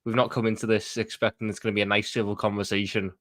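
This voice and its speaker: A man with a Scouse accent, a guest pundit in a casual football debate, earnest and quick with stumbling restarts. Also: fairly low pitch, little pitch movement, fairly bright tone, dry recording, clean studio sound.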